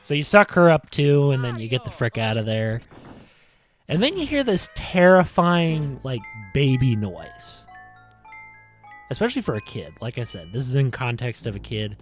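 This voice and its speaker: Guy rambling on his podcast, lots of like and you know, normal pitched voice, faint music under. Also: sing-song, moderate pace. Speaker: podcast host. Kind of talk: casual retrospective monologue. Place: in front of a green screen.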